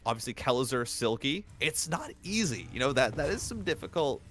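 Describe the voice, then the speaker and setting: Lively, bright-voiced male esports caster. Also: medium pitch, brisk. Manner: chatty, analytical, frequent fillers and restarts. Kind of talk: live game commentary.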